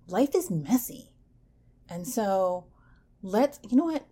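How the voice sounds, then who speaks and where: A woman hosting a casual self-help podcast, playful and animated, switching between hushed asides and bright exclamations, and reading poetry slowly and softly. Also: medium pitch, slightly rough. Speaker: podcast host.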